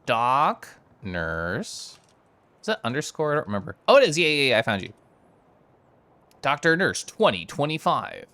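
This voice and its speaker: A man streaming a video game, chatting casually and excitedly while reading chat aloud and giggling. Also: medium pitch, moderate pace, long pauses, dry recording.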